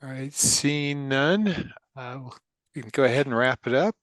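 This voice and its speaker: A man with a smooth, clear voice and a dry, close sound moderates a video-call Q&A. He speaks haltingly, stumbling over repeated words as he thanks the speaker. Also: mid-range voice, a bit bright, no room sound. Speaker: event moderator.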